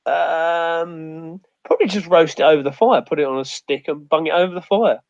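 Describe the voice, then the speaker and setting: A man's voice: a little high, moderate pace, dry recording. A man with a rambling, sweary storytelling manner in a casual outdoors chat. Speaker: outdoors guest. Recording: muffled dry audio.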